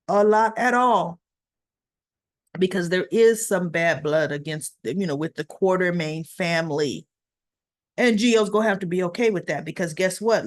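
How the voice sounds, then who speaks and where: A woman reviewing a soap opera episode in a casual recap, telling it in a chatty, rambling way with asides. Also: medium pitch.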